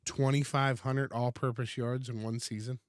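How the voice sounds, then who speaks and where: A man's voice: mid-range voice, level tone, moderate pace, smooth, no echo, clean studio sound. A man co-hosting a casual podcast from a converted garage, talking in a rambling way with frequent restarts. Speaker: podcast co-host. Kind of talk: casual chat.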